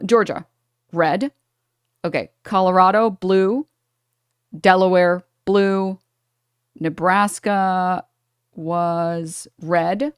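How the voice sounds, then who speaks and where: A woman's voice: lowish voice, clear, resonant tone, no room sound, studio quality. A woman from New York streaming live, talking to her chat and thinking aloud over charts in a sarcastic, condescending tone.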